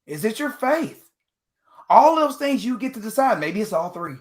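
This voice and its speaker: A man from Texas giving an energetic motivational talk as a guest speaker on a video call panel. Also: high-pitched, moderate pace. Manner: energetic, preacher-like delivery.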